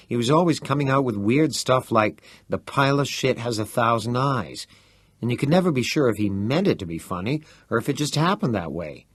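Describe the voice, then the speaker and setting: A man's voice: medium pitch, slightly rough, no room sound, studio quality. A man reading a novel aloud in the first person, telling the story expressively. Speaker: audiobook narrator.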